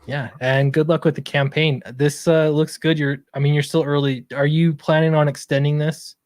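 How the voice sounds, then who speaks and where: A man from Utah with a fairly high, darkish voice hosts a stream, speaking at a normal pace in a flat delivery. He chats casually and often trails off, unsure of himself.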